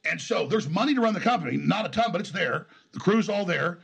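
A man's voice: high voice, animated, fast, gravelly, fairly bright tone, slightly rough. A man with a Texas accent, a guest in a conversational interview, telling a long story in an emphatic, rambling way. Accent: Texan. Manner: emphatic, rambling, acts out quoted exchanges.

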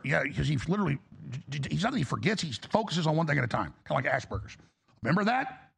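A man's voice: a little high, sing-song, fast, fairly bright tone. A male talk show host delivering an angry, exasperated political rant, blunt and profane. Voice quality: gravelly.

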